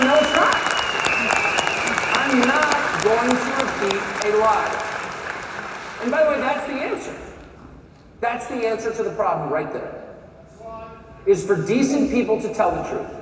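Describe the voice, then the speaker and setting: Speaking live to an audience in a big conference hall, a US man in his fifties mocks and jeers sarcastically. His voice is very high and a bit bright; the echoey, distant recording carries a faint crowd and slight background noise.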